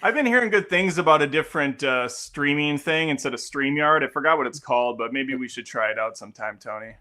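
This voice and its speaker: Bright-voiced joking man. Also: medium pitch, brisk. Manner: joking, teasing. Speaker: co-host. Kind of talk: casual chat on a live stream.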